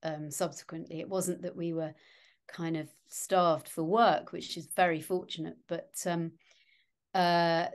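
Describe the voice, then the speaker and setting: A woman's voice: lowish voice, level tone, measured pace. A middle-aged woman, an actress, chatting as an interview guest and telling self-mocking anecdotes.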